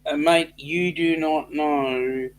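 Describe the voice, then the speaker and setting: A man's voice: fairly high pitch, steady tone, slow. An Australian man co-hosting a casual live stream, greeting viewers by name and joking as he reads their comments. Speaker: livestream co-host.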